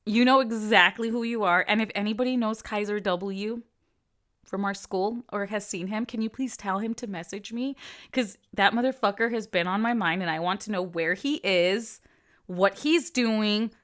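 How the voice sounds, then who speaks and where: A woman's voice: medium pitch, moderate pace. Blunt chatty woman, swears freely. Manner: blunt, swears freely, swings between loud and whispered asides. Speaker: vlogger. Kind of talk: casual reaction commentary.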